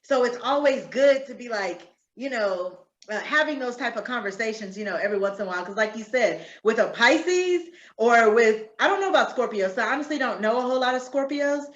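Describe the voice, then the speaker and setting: A woman co-hosting a podcast, telling stories in an animated, laughing way with a fairly high voice. The recording sounds roomy and echoey, with a dull, lo-fi tone. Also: a little fast, few pauses. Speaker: podcast co-host. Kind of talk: casual chat.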